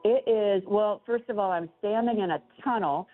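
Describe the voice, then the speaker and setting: A woman's voice: mid-range voice, normal speed. Upbeat woman on a tinny phone line. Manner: upbeat storytelling, enthusiastic. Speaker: guest on the phone. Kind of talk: phone-in interview. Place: tunnel in an arena.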